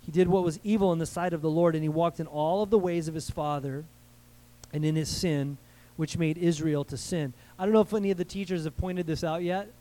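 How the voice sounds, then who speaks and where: Male American pastor, light high voice, casual preaching style with audience call-and-response. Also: steady tone, a little fast, dark tone, rough recording. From United States. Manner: conversational preaching, asks the crowd for amens. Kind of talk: sermon.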